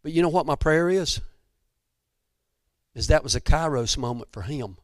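A middle-aged man from Georgia with a Southern accent, preaching in an emphatic, folksy storytelling style that drops at times to soft near-whispers. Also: on the high side, normal speed, no echo, studio quality. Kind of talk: sermon storytelling.

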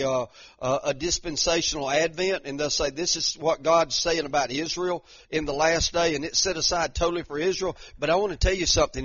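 A man's voice: fairly high pitch, fairly bright tone, no room sound, muffled recording. A man preaching a sermon as pastor, impassioned, repeating phrases and restarting lines.

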